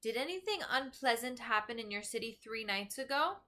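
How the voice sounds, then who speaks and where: Brisk commanding queen, read by a woman. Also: fairly high pitch, lively intonation, sharp tone. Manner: brisk, giving orders.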